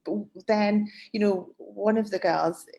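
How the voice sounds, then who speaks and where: A woman's voice: medium pitch, steady tone, slow pace, vocal fry, dark tone, slight background noise. A woman hosting an interview, telling a work story in a hesitant, chatty way with many restarts. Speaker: salon owner and host. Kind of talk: casual interview chat.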